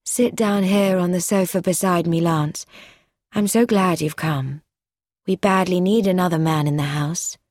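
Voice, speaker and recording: A woman doing a soft, dramatic young widow. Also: steady tone, measured pace, dry recording, clean studio sound. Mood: coaxing. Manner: breathy, emotional, high-strung.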